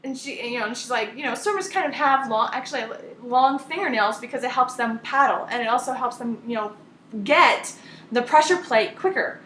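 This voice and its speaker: A woman retelling a story on a team call, talking in an animated way and acting out the voices of the people in it. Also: fairly high pitch, brisk, roomy sound, slight background noise.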